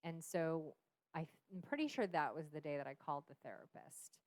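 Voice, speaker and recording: A woman's voice: sits low, expressive, fairly quick, no echo. A woman in her thirties, a podcast guest, frankly telling a personal story with frequent swearing and laughter. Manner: frank, profane, laughs often. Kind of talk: candid storytelling.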